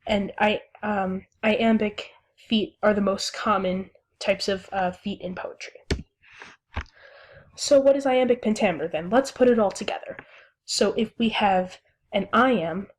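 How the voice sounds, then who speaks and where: A young woman teaches a recorded lesson, speaking slowly and deliberately as she sounds out each syllable. Her voice sits at a medium pitch.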